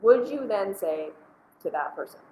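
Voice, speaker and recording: A woman's voice: mid-range voice, animated, moderate pace, warm tone, reverberant, slight background noise, low-quality recording. A woman hosting a casual spoken commentary, earnest and conversational, often dropping "like" between thoughts. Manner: earnest, conversational, frequent "like" fillers. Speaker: host.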